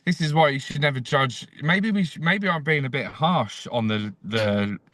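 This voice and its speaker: A man's voice: on the high side, moderate pace, fairly bright tone, no echo. A man guesting as a comedian on a podcast, chatting crudely and swearing freely, breaking into ranting bursts. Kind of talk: casual comedic podcast chat.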